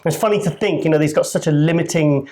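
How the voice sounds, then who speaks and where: A man's voice: fairly high pitch, quick pace, dark tone. A man from Wales with a posh-sounding accent, co-hosting a casual chat show in a jokey, self-deprecating way. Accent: posh English-sounding. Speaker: co-host.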